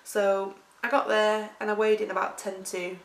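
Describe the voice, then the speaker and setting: Recorded in a roomy space some distance from the mic, this Lancashire woman speaks at normal speed with a medium pitch that barely moves. She vlogs about weight loss, telling loose, casual stories and laughing along.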